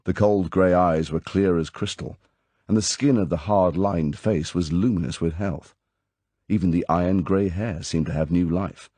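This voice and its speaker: A man narrating an audiobook in a measured, expressive storytelling manner. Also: low-pitched, breathy edge, no echo. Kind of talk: scripted narration.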